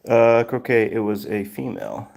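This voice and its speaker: A man's voice: medium pitch, steady tone, normal speed, creaky, darkish tone. A man hosting a casual livestream, greeting viewers by name and answering chat questions. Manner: reads chat names aloud and greets viewers. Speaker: livestream host.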